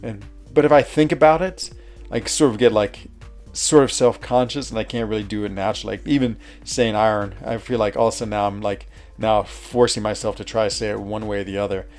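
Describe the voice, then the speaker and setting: Gravelly low-voiced American man chatting. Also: fairly even intonation, brisk, a little mellow, faint music behind. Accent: American, with a West Virginia lilt. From United States. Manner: rambling, with frequent fillers and restarts. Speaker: streamer. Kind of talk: casual chat with viewers.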